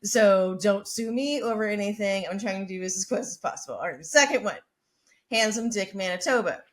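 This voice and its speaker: A woman's voice: mid-range voice, a little fast. A woman podcast host telling a story in a brash, chatty, profane way. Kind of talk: casual storytelling.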